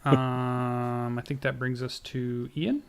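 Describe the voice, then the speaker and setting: A man's voice: mid-range voice, little pitch movement, slow, gravelly, clean tone. A man running a tabletop game session as game master, narrating in an easygoing way with frequent filler hesitations.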